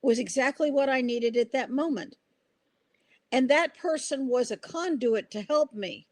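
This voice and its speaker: Speaking at a moderate pace in a high-pitched voice, this older podcast host rambles earnestly through her stories with frequent restarts in casual conversation. There's no room sound at all.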